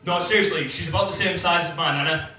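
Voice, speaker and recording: Brash young comic in an echoey club. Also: male voice, high voice, quick pace, sharp tone. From England. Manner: brash, swearing storyteller acting out quoted lines. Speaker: stand-up comedian. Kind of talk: stand-up comedy set. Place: comedy club stage before a live audience. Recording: very echoey live room from a distance.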